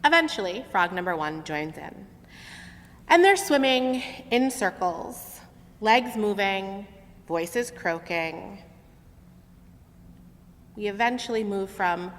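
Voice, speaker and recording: A woman leading a worship service, telling a story in an expressive storyteller's manner. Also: mid-range voice, takes it slowly, long pauses. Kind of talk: sermon storytelling. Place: large sanctuary. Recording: long hall reverb.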